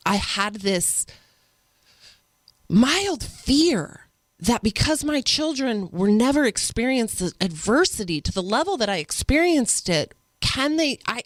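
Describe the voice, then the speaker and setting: A woman guest on an interview show, a mother telling stories in an earnest, animated way. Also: mid-range voice, dry recording. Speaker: podcast guest. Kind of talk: conversational interview storytelling.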